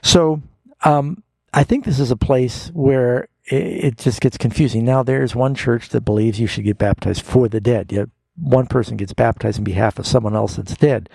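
A man's voice: mid-range voice, moderate pace, gravelly, a little mellow, husky, no room sound. A man hosting a call-in Bible radio show as a pastor, answering callers' questions in a folksy, explanatory way and reading scripture aloud.

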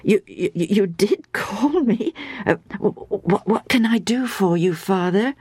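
A woman's voice: fairly high pitch, lively intonation, normal speed, a little mellow, breathy edge, dry recording, pitched above the performer's own voice. A woman voicing an eager, earnest young boy in a Bible storybook, a little stammering.

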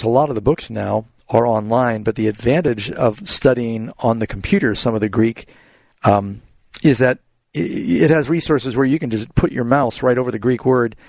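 A man, a pastor hosting a call-in radio show, answering Bible questions in a relaxed, explanatory way. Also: mid-range voice, creaky, breathy edge, no echo.

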